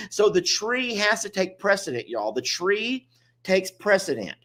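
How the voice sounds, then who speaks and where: A man's voice: high voice, very animated, slow pace, a bit bright. A man, co-hosting a casual chat and rambling in a self-mocking, chatty way. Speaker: co-host of an animal sanctuary channel.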